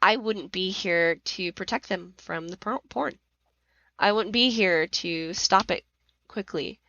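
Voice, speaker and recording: Woman, middle-aged, emotional personal story, dry dull recording, mid pitch. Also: takes it slowly, dry recording. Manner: emotional, rising to near-shouting when reliving anger. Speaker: podcast host.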